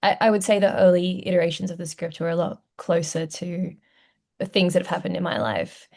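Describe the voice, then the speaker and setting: An Australian woman, an actor and writer, guesting on a casual podcast. Her voice sits a bit low with a gravelly fry running through it. She speaks reflectively and considers her words. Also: a little fast, darkish tone.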